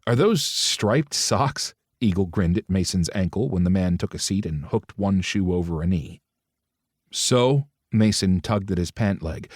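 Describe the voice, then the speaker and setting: A man's voice: fairly low pitch, a little mellow, no echo, studio quality. A man narrating a romance audiobook, switching into different voices for the characters' dialogue.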